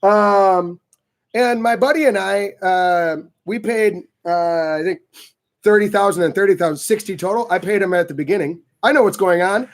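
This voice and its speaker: Animated, profane man telling a story. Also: sits high, moderate pace. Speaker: vlog host answering viewer questions. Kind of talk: casual storytelling monologue.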